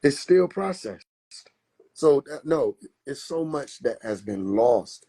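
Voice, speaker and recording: A man talking casually on a phone livestream, animated and profane, laughing often and slipping into mock biblical voices. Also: mid-range voice, takes it slowly, husky. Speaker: livestream host.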